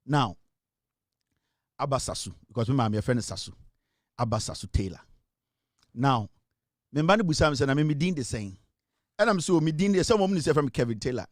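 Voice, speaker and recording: A middle-aged Ghanaian man hosting a live online political show, an animated storyteller who switches between Twi and English and laughs often. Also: mid-range voice, a little fast, long pauses, no echo, studio quality. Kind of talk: lively livestream commentary.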